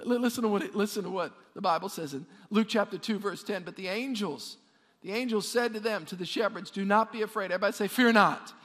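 A man preaching a sermon, lively and repetitive, calling on the congregation to answer back. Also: high-pitched, big-room sound. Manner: animated, repeats words, calls on congregation to respond. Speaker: pastor.

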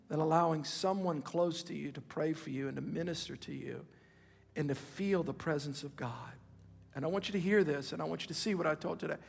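A man in his fifties preaching a sermon with impassioned urgency, dropping at times to hushed, intimate asides. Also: a little high, vocal fry, long reverb tail. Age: 50s. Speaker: pastor.

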